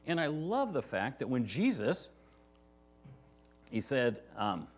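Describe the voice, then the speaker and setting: Lively conversational male pastor. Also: mid-range voice, takes it slowly, soft background music. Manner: conversational, often asks "right?" to the congregation. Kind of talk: verse-by-verse sermon. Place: church sanctuary.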